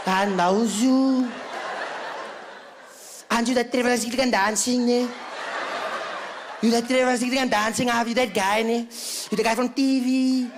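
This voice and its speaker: A man's voice: very high voice, fairly even intonation, noisy background, voice pushed up. A man voicing a huge, burly, toothless woman in curlers who speaks. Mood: amazed. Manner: slow, drawling, taunting recognition.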